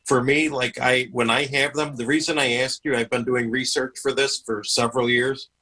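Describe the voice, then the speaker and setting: A man's voice: medium pitch, level tone, normal speed, pushed and bright, poor audio. A man hosting an interview, explaining things in a chatty way and often repeating himself. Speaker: host. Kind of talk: conversational interview.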